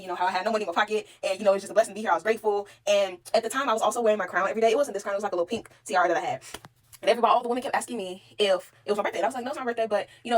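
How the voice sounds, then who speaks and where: A young woman, telling her life story to camera in a casual, profane and animated way. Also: mid-range voice. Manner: animated, profane, talks straight to the viewer.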